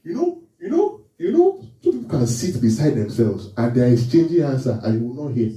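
A male preacher delivers a sermon with a lively, rising and falling voice. His tone is very dark and mellow. The recording sounds echoey and a little distant, as if taken in a church hall. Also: mid-range voice, brisk. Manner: animated, questioning the congregation.

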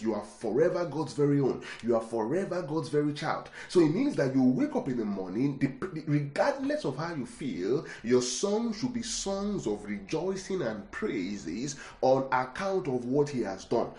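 Speaking at normal speed with a medium pitch and darkish tone, a man preaches in a very animated way. He repeats words for emphasis and keeps posing rhetorical questions to the congregation, all in an echoey room.

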